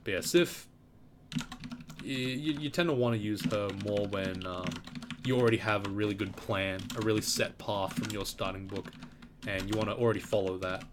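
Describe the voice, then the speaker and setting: A man's voice: on the low side, normal speed, noisy background. A man giving casual, rambling gameplay commentary, thinking aloud as he plays. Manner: laid-back, rambling, thinking aloud with fillers. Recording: keyboard typing and clicks in background.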